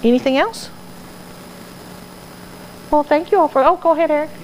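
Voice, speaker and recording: A woman's voice: high voice, moderate pace, slight background noise, rough recording. A woman answering audience questions in casual talk, earnest and explanatory, now and then laughing at herself. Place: dog training club hall.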